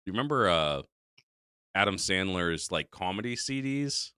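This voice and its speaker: A man's voice: low voice, expressive, moderate pace, bright, forceful tone, clean tone, dry recording, clean studio sound. A middle-aged man hosting a podcast, chatting casually in a profane, laid-back way and laughing often. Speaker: podcast host. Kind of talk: casual chat.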